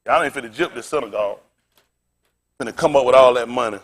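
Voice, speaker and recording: A man preaching a fiery sermon, firing rhetorical questions at the congregation and dropping into low, conversational asides. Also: fast. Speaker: pastor.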